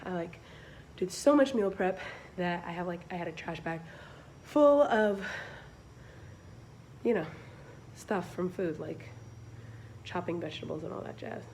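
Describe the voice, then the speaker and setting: Young adult woman vlogger, breathless, chatty and rambling, lowish pitch. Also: expressive, unhurried, long pauses, a little mellow, slight background noise. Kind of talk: casual vlog chat.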